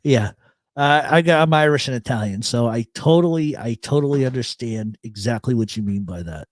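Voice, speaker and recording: A man's voice: medium pitch, normal speed, no room sound, clean studio sound. A man hosting a live radio chat show, telling stories and reading chat messages aloud, heavy on profanity. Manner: profane, storytelling, animated.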